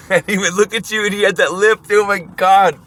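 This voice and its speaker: A man casually telling a wild story, animated and profane, often breaking into laughter. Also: high-pitched, a little fast.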